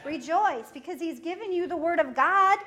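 A middle-aged woman preaching a sermon in a lively way, laughing often and acting out what people say. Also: extremely high pitch, normal speed. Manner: lively, laughs often, acts out quoted speech.

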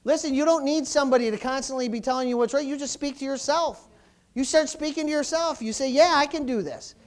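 A male pastor with a very high voice preaches with rising fervor. He climbs to loud, urgent bursts and then sinks back to a low, quiet delivery. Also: fast talker. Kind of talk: sermon.

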